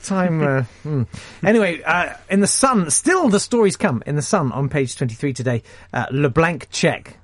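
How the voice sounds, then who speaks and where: A man's voice: fairly high pitch, animated, moderate pace, few pauses, dry recording. A man hosting a radio show, chatting casually in a rambling, jokey, self-mocking way. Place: radio studio. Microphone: studio microphone.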